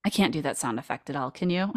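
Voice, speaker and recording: A woman's voice: low voice, lively intonation, fast, darkish tone, no room sound, studio quality. A woman hosting a podcast, recapping a film in a playful, jokey way with frequent laughs. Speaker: podcast host.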